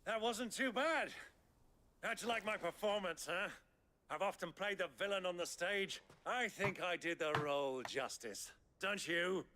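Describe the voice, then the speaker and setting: A man's voice: sits high, measured pace, pushed and bright, a little hiss or hum. An actor playing a theatrical older nobleman who poses as a villainous buyer, with a grand, hammy stage delivery, in a video game cutscene. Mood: boastful.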